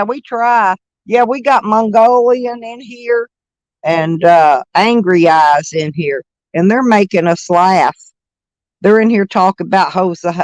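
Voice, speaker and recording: High-voiced, rambling man, dry sound. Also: no room sound. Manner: rambling and chatty, laughing often, many fillers. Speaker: live streamer. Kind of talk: casual livestream chat with viewers.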